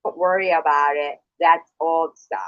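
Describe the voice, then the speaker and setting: A man's voice: a little high, steady tone, measured pace, no echo. A man in a heated livestream argument, hostile, profane and accusing. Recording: dull lo-fi stream audio.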